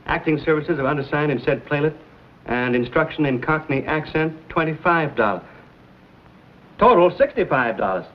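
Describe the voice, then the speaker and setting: An actor playing a bold frontier adventurer with a wry, plainspoken way of talking, in a 1950s TV western drama. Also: male voice, fairly high pitch, lively intonation, normal speed, close to an everyday voice. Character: bold frontier adventurer hero, dry wit. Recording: dull old TV soundtrack with faint hiss.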